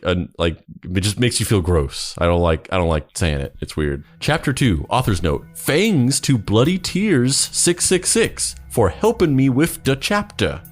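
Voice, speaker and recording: A man reading a bad story aloud in a mock-dramatic way, then joking about it with a co-host. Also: sits low. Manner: animated, laughing, mock-dramatic. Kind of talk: mocking dramatic reading and banter.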